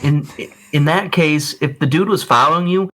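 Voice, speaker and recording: A man's voice: a little high, moderate pace, bright, forceful tone, rough recording. A man co-hosting a podcast who asks playful questions and laughs easily. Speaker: podcast co-host. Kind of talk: casual banter.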